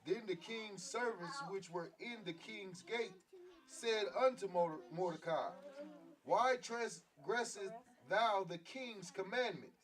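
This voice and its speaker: A man in the class reading scripture aloud slowly and carefully, then chiming in. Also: high voice, a crowd in the background. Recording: voice distant from the mic.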